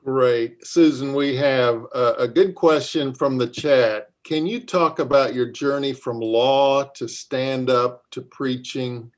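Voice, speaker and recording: A man hosting an online interview, calmly reading out a question from the chat over a video call. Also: medium pitch, slow pace, few pauses. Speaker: host. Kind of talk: moderating a Q&A.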